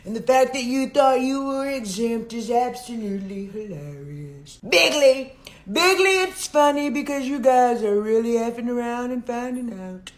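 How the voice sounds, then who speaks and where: A woman's voice: on the high side, expressive, moderate pace, echoey room, lightly acted. A woman impersonating a boastful, rambling male president in a satirical sketch. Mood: smug. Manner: rambling, repeats catchphrases.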